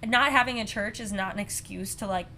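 A woman's voice: medium pitch, brisk, sharp tone, a little hiss or hum. A young woman hosting a faith podcast, telling her story in a chatty way with lots of "like" and acted-out quotes. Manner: chatty, many "like"s, acts out quoted voices. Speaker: podcast host.

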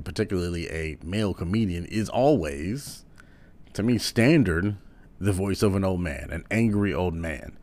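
A man giving a casual commentary, rambling a little and filling pauses with "um". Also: low voice. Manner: rambling, with frequent "um"s.

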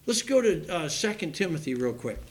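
A man preaching a sermon, reading scripture aloud and stressing key words loudly, with frequent fillers and restarts. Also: fairly high pitch, very animated, a little fast. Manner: fervent, rising to loud emphasis with frequent fillers and restarts; reads scripture aloud in King James wording.

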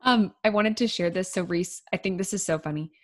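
Chatty young mom, low voice. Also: female voice, brisk. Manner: chatty, says "like" often, laughs easily. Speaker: podcast co-host. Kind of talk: casual chat.

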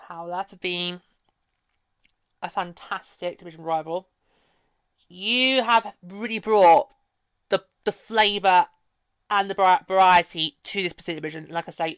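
A woman's voice: medium pitch, fairly bright tone, clear, resonant tone, dry recording. A woman hosting a hockey podcast, talking casually and emotionally, rambling with frequent restarts. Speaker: podcast host.

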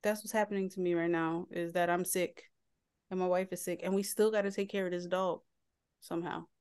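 A woman in her late thirties with a Philadelphia accent, co-hosting a casual podcast and telling stories in an animated way, often laughing. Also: on the low side, a little fast, clean tone. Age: 30s. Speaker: podcast co-host. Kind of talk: casual chat.

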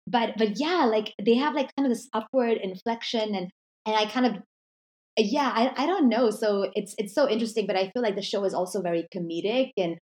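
A woman hosts a podcast, chatting easily and winding through long questions before she gets to the point. Her voice sits at a middle pitch for a woman. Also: a little fast, darkish tone. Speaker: podcast host. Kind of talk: casual interview chat.

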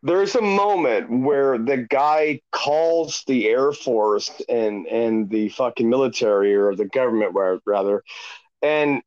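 A man's voice: medium pitch, slow pace, a little mellow, no echo, dull audio. A man co-hosting a podcast, rambling through a retold story with lots of swearing and playful asides. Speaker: podcast co-host. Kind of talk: casual chat.

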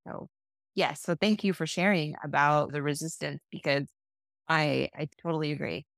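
A woman guest on a podcast, a breakup coach, talking in an animated, casual way and acting out quoted thoughts. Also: low-pitched, moderate pace, vocal fry, no echo, studio quality. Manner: warm-hearted, animated, acts out quotes.

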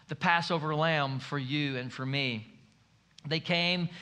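Man preaching, high voice, bright tone, folksy and joking, church sermon. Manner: folksy, humorous storytelling with lively swings in pitch. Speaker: pastor.

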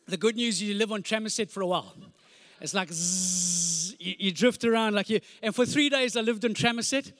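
A man in his forties with a strikingly high voice preaches a sermon. He tells stories comically, acting them out with sound effects and repeated phrases. The recording is dry and close, with no room echo. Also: fairly bright tone, clear, resonant tone. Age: 40s. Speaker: pastor. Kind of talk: storytelling sermon.

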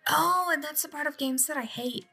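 A woman's voice: sits high, a little fast, creaky, pushed and bright, faint music behind. A woman chatting casually with her partner while they play a video game, teasing her and correcting her. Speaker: co-player and partner.

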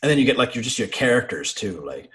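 A young man telling profane, animated stories from his naval service in casual chat. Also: medium pitch, fast talker.

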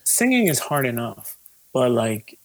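A musician being interviewed, talking in a loose, rambling way with lots of fillers, swearing and easy laughs. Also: male voice, mid-range voice, very animated, measured pace, no room sound. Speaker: musician guest. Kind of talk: casual conversation.

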